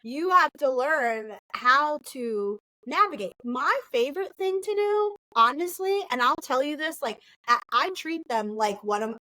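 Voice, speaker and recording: A woman in her thirties chats as a podcast co-host, acting out quoted lines with lively energy. Her voice sits a little high, and the recording is dry and close. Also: normal speed, no room sound, low-quality recording. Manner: animated storyteller, acts out quoted lines. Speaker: podcast co-host, nurse trainer. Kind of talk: casual conversation.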